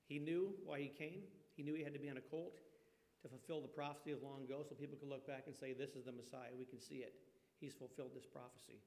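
A man's voice: medium pitch, a little mellow. Folksy preacher man in a reverberant church. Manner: folksy, asks the congregation questions. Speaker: pastor. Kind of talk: conversational sermon. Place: church sanctuary. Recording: long reverb of a church hall.

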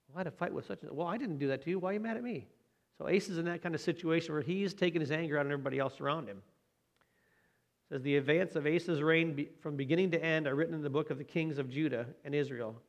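A man preaching a conversational sermon, often asking rhetorical tag questions. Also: on the high side.

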